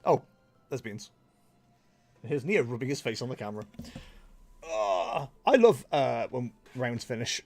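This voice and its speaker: Lively-voiced man chatting on stream. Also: mid-range voice. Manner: chatty, laughs often, rambling restarts. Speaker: streamer and host. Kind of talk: casual livestream chat.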